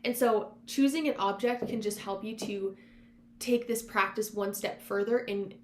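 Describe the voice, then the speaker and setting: A woman's voice: mid-range voice, unhurried, a little mellow. A woman hosting a self-help podcast, talking in an encouraging, conversational coaching manner, drawing on her past work as a counselor. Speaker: podcast host; former counselor. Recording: roomy echo with faint hum.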